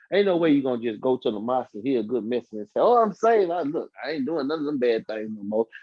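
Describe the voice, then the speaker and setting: A man with a high-pitched, husky voice tells his life story as a podcast guest, casually recounting his testimony and acting out the voices of people in it. The sound is dry, dull, and lo-fi.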